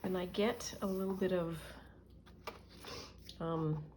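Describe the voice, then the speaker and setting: A woman's voice: fairly low pitch, fairly even intonation, slow pace, background noise. A middle-aged woman telling rambling stories and muttering to herself as she works on a junk journal in a casual crafting vlog. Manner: rambling storyteller, muttering to herself while working.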